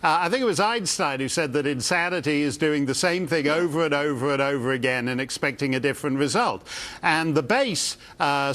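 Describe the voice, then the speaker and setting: Brief: male pundit guest, lively up-and-down delivery, sardonic quips. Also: on the high side. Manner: wry, animated, sardonic asides. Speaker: political commentator guest. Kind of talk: cable news interview.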